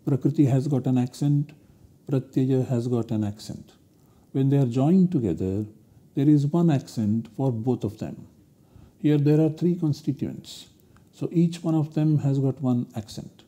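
Very dark-voiced male lecturer. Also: medium pitch. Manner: methodical, explanatory. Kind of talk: university lecture on grammar.

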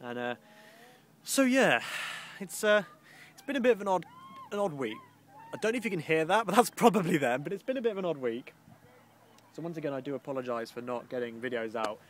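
A man's voice: on the high side, expressive, brisk. A young man from the Midlands vlogging outdoors by the coast on a handheld camera, rambling and grumbling with sarcasm. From English Midlands. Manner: rambling, grumbling and sarcastic, with mock posh voices. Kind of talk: casual outdoor vlog.

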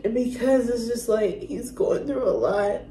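A woman talking to her viewers in a casual reaction vlog, crying and halting, restarting her sentences as she speaks from the heart. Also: a little high, warm tone, slight background noise, low-quality recording. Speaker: reaction vlogger. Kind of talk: emotional casual monologue to viewers.

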